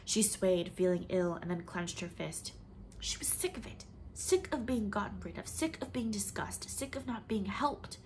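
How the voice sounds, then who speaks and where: A woman reading a novel aloud in measured, expressive storybook narration. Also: medium pitch, slight background noise. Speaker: audiobook reader.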